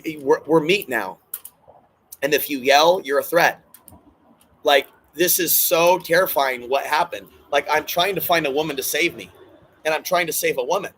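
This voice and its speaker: A man speaks alone to camera in a rambling vlog monologue, his voice pitched a little high for a man. He sounds agitated and hurt, circling back on the same phrases and swearing freely. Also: a bit bright, breathy edge, poor audio. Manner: agitated, emotional, repetitive, swears often. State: distressed and hurting. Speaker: channel host.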